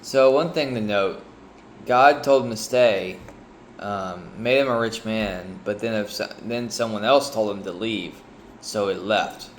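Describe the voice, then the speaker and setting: Low-voiced man reading scripture. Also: a little hiss or hum. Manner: hesitant, with frequent ums and restarts. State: sleepy, yawning. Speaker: Bible reader sharing reflections. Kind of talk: casual Bible reading with personal reflection.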